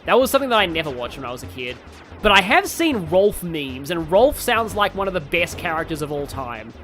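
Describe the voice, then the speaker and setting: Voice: mid-range voice, very animated, a little fast, fairly bright tone, faint music behind. Chatty, rambling let's play streamer. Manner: rambling, chatty, many fillers, reads chat aloud. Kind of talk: casual let's play commentary. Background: game audio.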